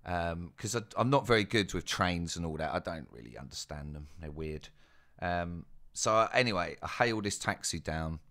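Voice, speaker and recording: A young man tells a casual story in a very deep, low voice. He is chatty and self-mocking, often turning to his listeners with asides. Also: lively intonation, moderate pace, sharp tone. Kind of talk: casual spoken anecdote.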